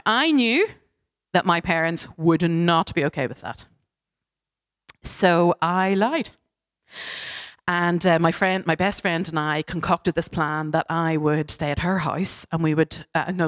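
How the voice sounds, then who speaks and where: A young woman giving a sermon, telling a personal story in a chatty, animated, self-deprecating way. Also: lowish voice. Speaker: preacher.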